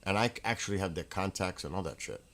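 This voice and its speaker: Man host, somewhat low voice, excitable rambling storyteller, chatting from home. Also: quick pace. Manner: excitable, with laughs and restarts. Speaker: livestream host. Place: home room with a fireplace.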